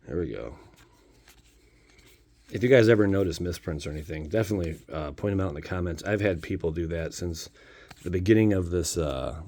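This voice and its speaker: Opening trading card packs on his channel, a man with a low, slightly mellow voice keeps things brisk. He's playful and jokey, prone to goofy outbursts and wandering asides.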